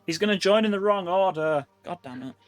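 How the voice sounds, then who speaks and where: Faint music plays behind a man with a high, brisk voice who narrates as game master on a voice call. He's in his room at home using a computer mic, and his delivery is loose and rambling, with plenty of fillers.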